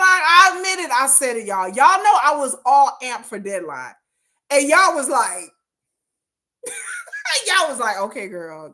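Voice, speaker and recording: Talking casually with viewers, this livestream host laughs a lot. Whenever she is excited, her voice leaps up in pitch.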